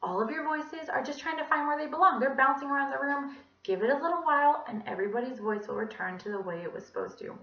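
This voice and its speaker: A calm, kindly lunch lady, as a woman storyteller puts her on, reassuring a room of frightened kids in a bright, clear voice. The sound is dull and lo-fi, with a roomy echo. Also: high voice, fast talker, pitched above the performer's own voice. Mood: soothing.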